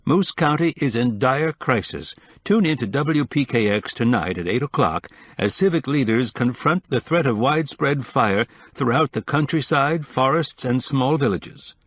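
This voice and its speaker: An urgent male radio announcer proclaiming a bulletin, as a narrator puts him on in an audiobook. He pitches up from a husky base, and the sound is dry and close. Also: lively intonation, normal speed, few pauses, a bit bright, no echo.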